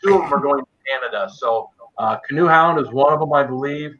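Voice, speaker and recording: A chatty man hosts a live stream from his basement, greeting viewers by name as they drop in. His voice sits at an ordinary middle pitch, and the stream audio sounds slightly muffled and lo-fi. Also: fast talker, a bit bright. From United States. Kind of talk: casual chat on a live stream.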